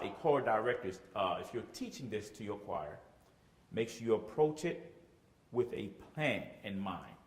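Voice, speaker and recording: A man teaching choir rehearsal, explaining step by step and checking in with "okay?". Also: fairly low pitch. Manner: explanatory, says "okay?" often, sings phrases to demonstrate. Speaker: choir director. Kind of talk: instructional talk with sung examples. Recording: echoey room with long reverb.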